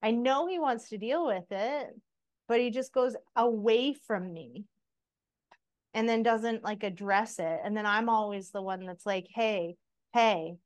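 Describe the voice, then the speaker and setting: A woman co-hosting a podcast tells stories in a candid, animated way. She swears freely and laughs along with her own stories. Her voice sits a little high. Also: a little slow. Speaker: podcast co-host. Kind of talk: casual chat.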